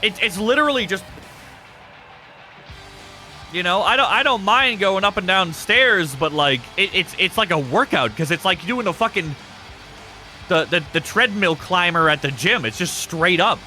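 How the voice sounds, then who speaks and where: A man hosting a casual game stream, with a high, very animated voice that swings widely in pitch. He talks to viewers in a loose, foul-mouthed way and laughs easily. Game music runs clearly behind him. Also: moderate pace. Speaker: stream host and match commentator. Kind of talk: casual live-stream commentary.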